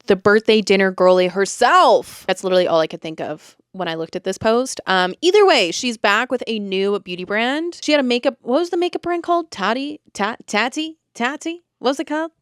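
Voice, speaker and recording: A woman's voice: medium pitch, expressive, a little fast, hardly any pauses, clean tone, dry recording, clean studio sound. A young woman with a Canadian accent hosting a casual beauty podcast, chatty and full of asides. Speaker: podcast host.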